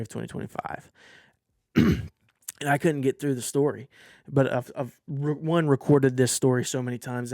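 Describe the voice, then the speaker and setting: A man's voice: mid-range voice, a little mellow, no room sound, clean studio sound. A man in his twenties hosting a podcast from his desk at home, telling a personal story to the camera in an earnest, rambling, candid way. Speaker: podcast host. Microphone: facing a camera at his desk.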